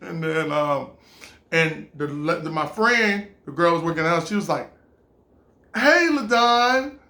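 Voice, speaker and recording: A man's voice: a little high, steady tone, a little slow, bright, forceful tone. A man telling a casual personal story, rambling with fillers and restarts and acting out the quotes.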